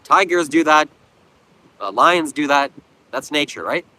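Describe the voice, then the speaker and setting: A man's voice: on the high side, expressive, unhurried, pushed and bright, no room sound, poor audio. A man hosting a live stream, reading viewer comments aloud and answering them with blunt, preachy, mocking lectures. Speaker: livestream host. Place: outdoors at a beach.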